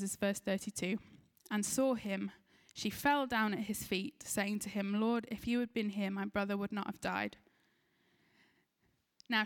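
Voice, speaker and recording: A woman's voice: mid-range voice, a bit bright, smooth. A woman with an English accent preaching a sermon, retelling a scripture story in an earnest voice and briefly acting out the people in it. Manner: earnest storytelling, acts out quoted lines.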